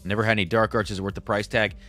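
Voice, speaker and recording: Low-voiced male stream host, loose and self-deprecating, reading chats over faint background music. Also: level tone, racing, sharp tone. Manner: rambling, self-deprecating, reads viewer chats aloud. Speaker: livestream host. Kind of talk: casual livestream chat.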